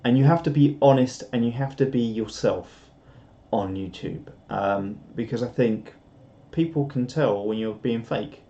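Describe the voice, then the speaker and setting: Rambling British man, mellow lo-fi voice. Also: medium pitch, measured pace. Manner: rambling, self-deprecating, chuckles often. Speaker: YouTuber hosting a live stream. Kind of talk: casual live-stream chat reading viewer comments. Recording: dull lo-fi stream audio.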